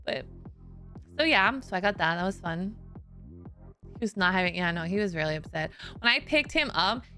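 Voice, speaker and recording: A woman chats loosely with her stream audience, trailing off into fillers and breaking into laughter between thoughts. Her voice is bright and forceful. Faint music plays behind her. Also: lowish voice, expressive, normal speed. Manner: chatty and storytelling, laughs often, many "like" fillers. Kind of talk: casual chat.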